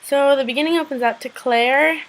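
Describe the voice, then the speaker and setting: A woman's voice: high-pitched, normal speed, low-quality recording. A woman casually recapping a TV episode, chatty, full of "like" and "um", swearing freely.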